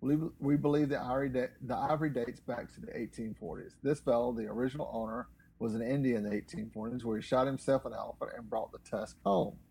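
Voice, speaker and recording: A man's voice: mid-range voice, fairly even intonation, fast talker, creaky, darkish tone, breathy edge, poor audio. A man co-hosting a casual talk show, reading news articles aloud in a dry, matter-of-fact way with offhand asides. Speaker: co-host reading news stories.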